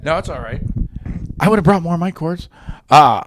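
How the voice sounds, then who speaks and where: A man's voice: fairly high pitch, lively intonation, moderate pace, slight background noise. A man co-hosting a podcast, telling a crude anecdote in casual chat with acted-out quotes. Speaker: podcast co-host. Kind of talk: casual storytelling.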